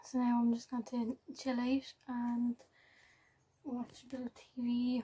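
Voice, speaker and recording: A woman's voice: a little high, completely flat delivery, moderate pace, warm tone, slightly rough, poor audio. A young woman chatting casually in a home vlog, rambling with lots of ums and often dropping to a whisper. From Ireland. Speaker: vlogger. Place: home bedroom, indoors.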